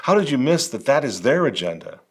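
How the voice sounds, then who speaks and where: A man's voice: mid-range voice, big pitch swings, a little fast, husky. A male commentary host speaking indignantly, firing rhetorical questions straight at a bishop. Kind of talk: impassioned commentary.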